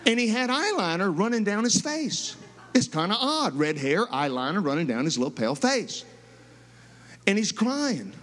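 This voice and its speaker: A man's voice: high voice, sing-song, moderate pace, a bit bright. A male pastor preaching a sermon, telling a story with lots of animation and repeating his words. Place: large church sanctuary. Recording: long reverb of a large sanctuary.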